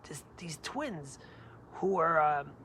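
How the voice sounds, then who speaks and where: Rabbi guy telling stories in a short torah lesson, high voice, really animated, faint hum behind. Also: slow. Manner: animated storyteller, big swings in pitch and loudness; energetic, emphatic.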